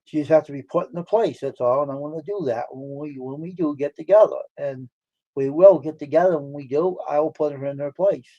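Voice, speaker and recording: A blunt, boastful man chatting on a live stream, his voice sitting a little high for a man. The audio is dull and lo-fi. He rambles loosely and talks tough. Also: a little fast, mellow. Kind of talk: casual chat.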